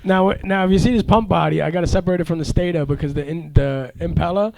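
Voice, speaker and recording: A man's voice: on the high side, fast, creaky, darkish tone, no room sound. A young man co-hosting a casual chat show, crude and jokey, stammering now and then. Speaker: co-host.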